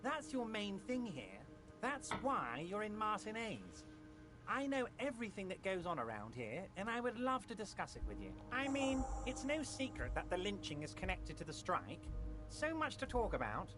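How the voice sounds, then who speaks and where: A smooth, ingratiating union boss who reassures while scheming. His delivery swoops up and down, and game music plays clearly behind him. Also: mid-range voice, wildly swooping pitch, normal speed.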